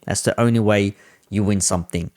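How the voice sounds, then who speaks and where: A man's voice: fairly low pitch, fairly even intonation, fairly quick, a little mellow, no echo, clean studio sound. A man on a football panel, speaking as a Liverpool fan in a blunt, sweary, ranting debate.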